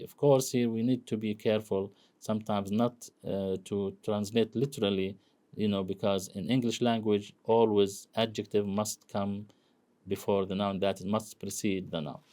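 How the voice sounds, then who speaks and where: A man lecturing on English grammar, explaining slowly and filling pauses with "you know" and "okay?". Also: lowish voice, fairly even intonation, dark tone. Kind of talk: recorded classroom lecture.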